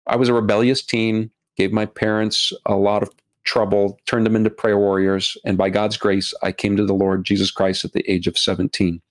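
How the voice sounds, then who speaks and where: A middle-aged man, a documentary filmmaker as a podcast guest, talking earnestly and haltingly, often restarting and repeating words. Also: lowish voice, level tone. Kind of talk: podcast interview.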